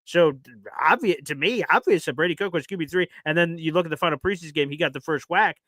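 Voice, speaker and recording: Southern-accented male sports-show host, bright and forceful, animated, teasing, dry close sound. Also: fairly high pitch, fast, dry recording. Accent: Southern American. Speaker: podcast host. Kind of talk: casual sports talk.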